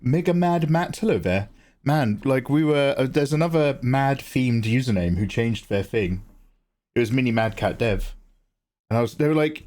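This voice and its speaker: Man, young, joking and playful, casual stream chat, mid-pitched voice. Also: lively intonation, normal speed, a little mellow. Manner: playful, jokey, mock-grand asides. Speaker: livestream artist host. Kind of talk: casual chat reading viewer messages.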